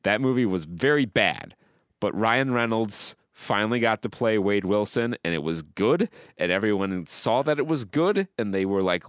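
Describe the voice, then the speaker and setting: A man's voice: on the low side, a bit bright, no echo, clean studio sound. A young man co-hosting a podcast, chatting casually about movies in a rambling way, often restarting sentences and laughing. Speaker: podcast co-host.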